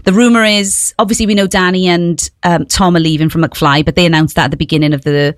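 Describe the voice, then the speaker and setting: A woman's voice: fairly low pitch, fairly even intonation, fast talker, no room sound, studio quality. A woman co-hosting a casual chat, gossiping freely with plenty of fillers. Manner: chatty, gossipy, hedging with fillers. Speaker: co-host.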